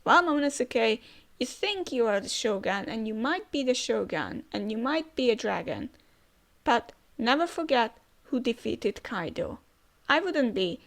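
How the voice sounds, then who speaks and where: A bold, blunt young pirate captain with a slightly high voice, read out by a woman. He talks in a boastful, teasing way, with a gravelly edge. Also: sing-song, measured pace, a bit bright, full character voice.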